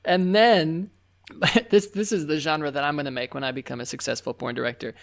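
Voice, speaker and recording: A man's voice: a little high, steady tone, brisk, gravelly. A man hosting a casual podcast, rambling through stories and laughing often. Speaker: podcast host. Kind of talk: casual chat.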